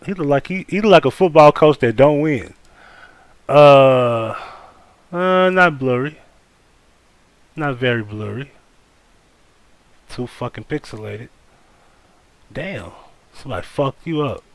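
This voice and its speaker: A man's voice: medium pitch, takes it slowly, long pauses, no room sound. A man hosting a live stream, giving blunt, profane, casual commentary and talking straight to his chat. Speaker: livestream host.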